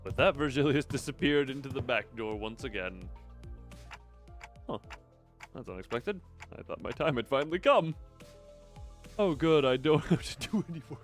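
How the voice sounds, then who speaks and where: A man's voice: mid-range voice, expressive, moderate pace, long pauses. A man casually reading a game's dialogue aloud on a stream, joking playfully and often hamming up the lines. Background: game music.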